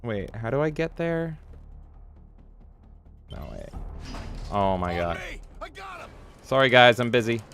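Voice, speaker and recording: A man's voice: mid-range voice, big pitch swings, slow, pauses often, fairly bright tone, soft background music. A man streaming a video game, chatting casually and playfully with swearing while reading viewer comments aloud. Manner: playful, profane, reads chat aloud. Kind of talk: casual live-stream chat.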